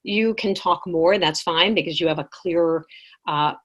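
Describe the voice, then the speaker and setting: A woman presenting a live online workshop, lively and engaging, reading chat replies aloud to her audience. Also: fairly low pitch, normal speed, dull audio.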